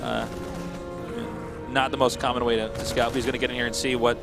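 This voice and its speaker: A man's voice: medium pitch, little pitch movement, fast talker. Guy casting a game, jokey and laughing a lot, music playing behind. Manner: jokey, laughs often, playful asides. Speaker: esports commentator. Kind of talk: live game commentary with banter.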